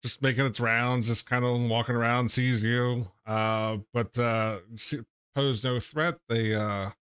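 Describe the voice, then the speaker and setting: A man running a tabletop game as game master, narrating in a halting way with many pauses and restarts. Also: medium pitch, steady tone, a bit bright, smooth, dry recording, studio quality. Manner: halting, full of uhs and restarts.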